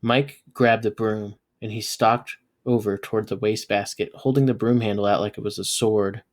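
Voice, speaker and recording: A man, a teacher, reading a novel aloud and bringing the dialogue to life with sudden jumps in pitch and loudness. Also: normal speed, few pauses. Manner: lively, voices characters with jumps in pitch and loudness. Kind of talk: read-aloud storytelling.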